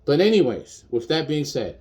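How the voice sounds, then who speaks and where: A man's voice: a little high, big pitch swings, moderate pace, mellow. A man in his fifties, a chef, speaking bluntly and defiantly in a personal video rant, repeating his points for emphasis. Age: 50s.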